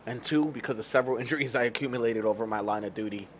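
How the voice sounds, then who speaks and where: A man's voice: mid-range voice, racing, slight background noise. A man in his thirties chatting casually with viewers on a gaming livestream, rambling, laid-back and swearing freely while he eats. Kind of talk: casual stream chat with viewers.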